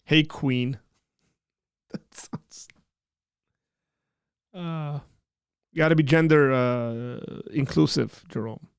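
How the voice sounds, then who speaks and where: A man's voice: fairly high pitch, slow, vocal fry, long pauses, clear, resonant tone, no room sound, clean studio sound. A man hosting a live stream, chatting casually and joking as he reads viewer comments aloud.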